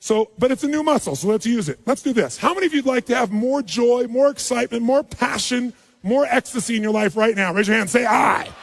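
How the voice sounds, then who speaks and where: A man giving a live motivational seminar speech, telling a story quietly and then urging the crowd on. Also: very high-pitched, fairly quick, creaky, hardly any pauses, in a large hall. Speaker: motivational speaker. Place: large hall with audience.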